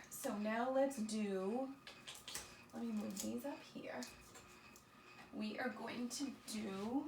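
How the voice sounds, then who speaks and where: A woman's voice: a little high, sharp tone. A woman teaching a small-group lesson to children, upbeat and encouraging, calling them friends. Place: indoor room with children nearby. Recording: roomy, distant, noisy.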